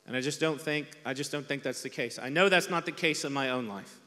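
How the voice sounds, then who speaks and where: Male pastor, conversational sermon, bright edge, echo of a big hall. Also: medium pitch, brisk. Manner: conversational, self-deprecating preaching with acted-out quotes. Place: large church hall. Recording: long hall reverb from a church PA.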